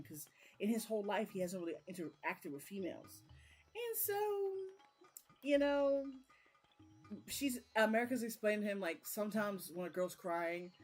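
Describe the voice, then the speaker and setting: A young woman recapping a book chapter in a rambling, chatty way, full of fillers, on a casual live stream. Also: on the low side. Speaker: book vlogger.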